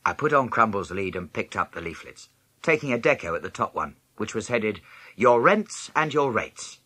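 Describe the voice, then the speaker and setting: A man narrates a children's story in the first person, his low voice swinging widely in pitch as he tells it. The tone is bright and slightly breathy. The recording is close and dry, with no room sound. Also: fairly quick, no echo. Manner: lively storytelling, jumping high in pitch for other characters' lines. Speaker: audiobook narrator.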